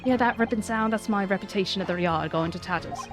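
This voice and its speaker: Woman voicing a gruff London police inspector. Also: medium pitch, quick pace, music in the background, close to an everyday voice. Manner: put-on English gentleman's accent, brusque.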